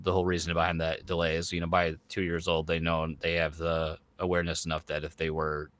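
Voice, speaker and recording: Rambling low-voiced man hosting a podcast. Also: monotone, fast, fairly bright tone, no room sound. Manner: rambling, full of fillers like "like" and "you know". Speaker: podcast host. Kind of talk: casual chat.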